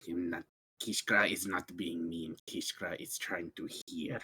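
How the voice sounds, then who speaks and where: Deep-voiced man with faint noise behind. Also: fairly even intonation, a little slow, sharp tone. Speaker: player. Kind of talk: tabletop role-play.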